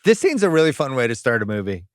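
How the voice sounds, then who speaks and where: A man's voice: mid-range voice, sing-song, quick pace, dry recording, studio quality. A man hosting a casual movie podcast, reading out review quotes and joking with profanity. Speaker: podcast host.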